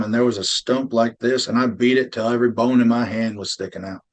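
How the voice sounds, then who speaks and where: A middle-aged man bluntly telling his life story as an interview guest, often dropping to a low, intense murmur. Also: fairly even intonation, brisk, hardly any pauses, muffled recording. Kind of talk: emotional personal storytelling.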